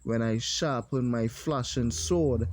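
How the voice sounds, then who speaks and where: Mellow-voiced man reading scripture. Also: mid-range voice. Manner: reads slowly and deliberately, pausing to comment. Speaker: teacher of a religious group.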